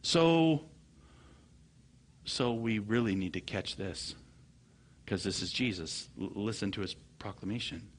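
Husky, animated preacher man. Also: a little slow, pauses often. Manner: animated storytelling preacher, voice swings from low murmurs to loud high bursts. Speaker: pastor. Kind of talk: sermon.

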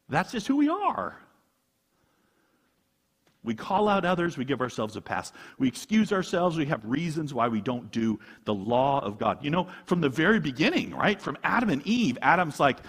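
A man's voice: mid-range voice, big pitch swings, a little fast, husky, in a large hall. A man preaching a conversational sermon as a pastor, asking rhetorical questions and chuckling often.

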